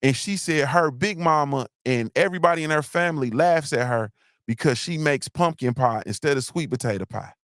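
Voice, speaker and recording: A man's voice: a little high, fairly quick, dry recording, studio quality. Slangy rambling male livestream host. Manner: slangy, rambling, shouts out chat names. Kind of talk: casual livestream chat.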